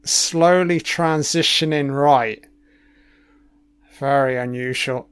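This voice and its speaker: A man's voice: medium pitch, takes it slowly, smooth. A man giving a casual running commentary on a film. He swears constantly and makes wry, offhand remarks.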